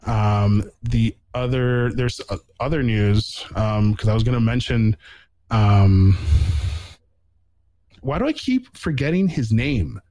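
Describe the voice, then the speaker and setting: A man's voice: on the low side, slow, dark tone, no echo, rough recording. Rambling casual male podcast host. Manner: rambling, with many fillers and restarts. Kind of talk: casual sports chat.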